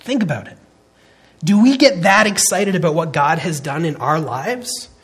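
A man's voice: on the high side, lively intonation, moderate pace, fairly bright tone, slightly rough. A man in his thirties preaching a sermon, earnest and emphatic, often restarting his phrases. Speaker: pastor.

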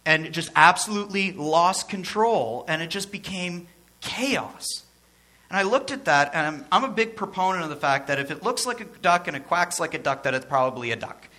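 A male pastor delivers a sermon in a bright, forceful voice that sits a little higher than most men's. He talks conversationally, drops in joking asides, and repeats phrases to drive his points home.

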